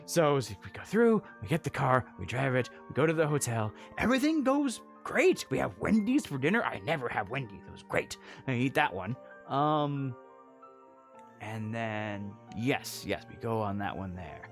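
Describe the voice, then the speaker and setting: A man's voice: medium pitch, sing-song, moderate pace, soft background music. A man casually telling a travel story on a livestream, laughing often and breaking off to answer chat.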